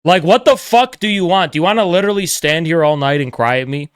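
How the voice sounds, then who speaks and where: A man's voice: on the high side, lively intonation, fast talker, smooth, no echo, clean studio sound. A man livestreaming, ranting in a blunt, profane, exasperated way in casual monologue, at a desk mic indoors.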